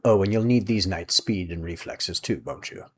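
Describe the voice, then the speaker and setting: Older witch, dry and decisive, a touch low and distant, voiced by a man. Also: normal speed, slight background noise, close to an everyday voice. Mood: dry breezy. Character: brisk, wry older woman witch.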